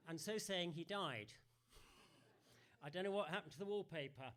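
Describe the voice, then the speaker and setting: A man gives an all-age sermon in church, his voice bouncing lively up and down. He sits a touch high and keeps it playful and chatty, tossing questions to the people listening. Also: moderate pace. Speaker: preacher giving an all-age talk.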